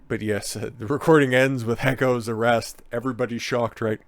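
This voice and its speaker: A man's voice: mid-range voice, fairly even intonation, fairly quick, few pauses, no echo. A man giving crude, sarcastic commentary while reading out a news story. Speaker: online commentator.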